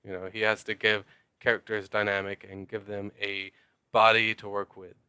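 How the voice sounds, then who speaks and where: Crisp, bright-voiced rambling man. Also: on the low side, flat delivery, normal speed, no echo. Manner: rambling, loose, filler-heavy. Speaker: tabletop role-playing gamer. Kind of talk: casual talk to camera. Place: at home.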